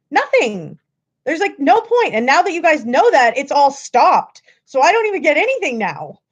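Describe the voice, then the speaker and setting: A woman's voice: high-pitched, lo-fi sound. A woman hosting a livestream, ranting at her viewers in a frustrated, profane way. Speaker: livestream host.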